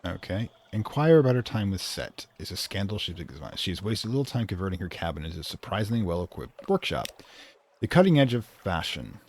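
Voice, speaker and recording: A man's voice: low-pitched, sing-song, brisk, a little mellow. A man hosting a let's play, casually thinking aloud and reading game text.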